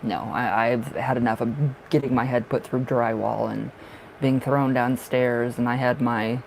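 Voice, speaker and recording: A chatty man with a raspy, gravelly smoker's voice talks his way through a live tarot reading stream. His pitch sits in an ordinary middle range, and now and then he sounds short of breath. A faint background noise runs under the recording. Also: flat delivery, unhurried, rough recording. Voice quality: raspy from smoking. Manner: rambling, chatty, laughs often. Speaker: livestream tarot reader. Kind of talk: casual livestream chat.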